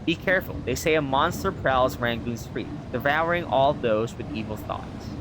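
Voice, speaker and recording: A man's voice: medium pitch, lively intonation, normal speed, background noise, lightly acted. A man reading the lines of a blunt female ship's deckhand in a plain, cautionary tone. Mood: warning.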